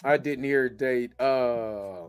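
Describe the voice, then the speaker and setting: A man's voice: mid-range voice, takes it slowly, music in the background. A man hosting a podcast in casual, joking chat, laughing often. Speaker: podcast host. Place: lives in Kansas City.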